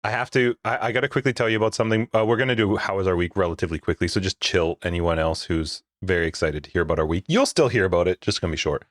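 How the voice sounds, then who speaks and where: Joking lower-voiced male podcast co-host. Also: rapid-fire, few pauses, no room sound, studio quality. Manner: joking, laughs often. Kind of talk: casual podcast chat.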